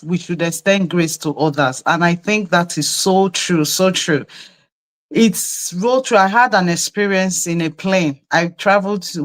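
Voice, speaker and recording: A woman, a mother and guest, telling a personal story in an animated, repetitive way over a video call. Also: lowish voice. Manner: animated, repeats herself. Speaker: guest, parent. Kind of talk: casual storytelling.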